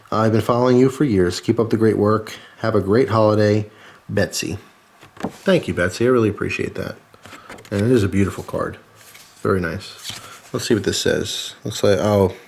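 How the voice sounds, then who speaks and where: Lower-voiced male host, casual and jokey, reading viewer cards to camera. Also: gravelly. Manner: chatty, jokey, thanks readers warmly. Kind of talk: casual chat.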